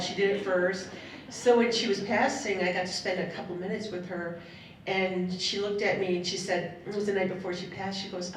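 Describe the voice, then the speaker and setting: A woman's voice: fairly even intonation, fairly quick. A middle-aged woman telling her personal story to a panel audience, heartfelt and rambling, laughing between thoughts. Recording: echoey hall, voice from a distance, faint rumble.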